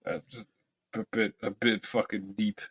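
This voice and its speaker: A man's voice: fairly low pitch, little pitch movement, a little slow, fairly bright tone, husky. A man co-hosting a podcast, adding wry, sweary asides in casual chat. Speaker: podcast co-host.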